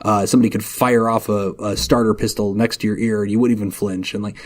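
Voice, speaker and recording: A man co-hosting a casual podcast as a therapist, talking in a lively, animated way with jokey asides. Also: lowish voice, fast. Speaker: therapist co-host.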